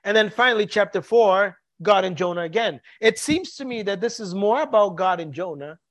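A man preaching a sermon to his congregation, earnest and halting, often repeating words as he searches for them. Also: high voice, lively intonation, a bit bright, no echo. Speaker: pastor.

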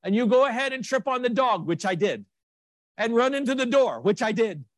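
A man preaching a sermon, telling stories with lively swings into a high excited voice. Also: brisk, no echo. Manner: animated storytelling, jumps to high excited pitch. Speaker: pastor.

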